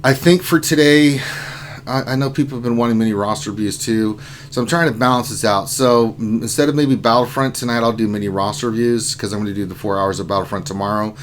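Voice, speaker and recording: A man hosts a casual gaming livestream. He rambles, jokes and reads out chat messages in an easygoing voice of medium pitch. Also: fast talker, a little hiss or hum. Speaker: streaming host.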